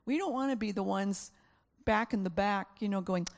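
A woman's voice: mid-range voice, normal speed, creaky. A woman pastor preaching a sermon, telling stories earnestly and emotionally, often repeating herself. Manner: earnest, emotional storytelling with frequent repetitions.

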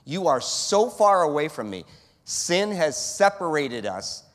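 A man's voice: fairly high pitch, big pitch swings, unhurried. A man voicing God as a patient, fatherly figure who asks a sinner searching, pleading questions. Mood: sorrowful. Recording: long hall reverb.

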